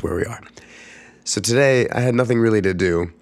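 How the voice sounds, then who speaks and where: A man's voice: on the low side, a little fast, no room sound. A young man rambling casually through a solo podcast, congested and coughing as he gets over a cold. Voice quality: rough, congested voice. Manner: rambling, many fillers and restarts. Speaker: podcast host.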